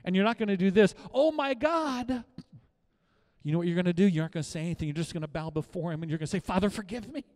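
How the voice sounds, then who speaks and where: A middle-aged male pastor preaching a sermon, swinging from quiet asides to loud, emphatic repetition. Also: on the high side, level tone, rapid-fire, hardly any pauses.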